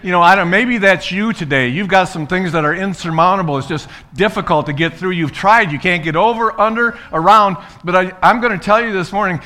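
A man's voice: high-pitched, fairly quick, hardly any pauses, pushed and bright. A man pastor preaching a sermon in a church, fervently urging the congregation to praise. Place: church sanctuary.

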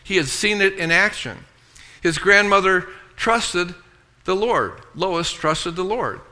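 A man preaches a sermon with a very bright, ringing tone. His voice sits a little high, and he keeps drawing the congregation into call-and-response. He reads scripture in a lower, softer voice. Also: animated, slow. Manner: preaching with call-and-response, frequent "amen" and "okay". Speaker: pastor.

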